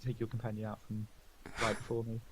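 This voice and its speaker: A man voicing a menacing ancient male vampire lord who makes cold, unhurried threats in a game. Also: lowish voice, completely flat delivery, background noise, voice pushed down, lightly acted. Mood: mocking.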